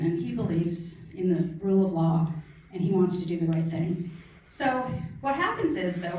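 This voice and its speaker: A woman's voice: mid-range voice, darkish tone, a little hiss or hum. A middle-aged woman author talking about her new book at a library event, chatty and earnest, at times emotional. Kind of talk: casual book talk. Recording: echoey room from far off.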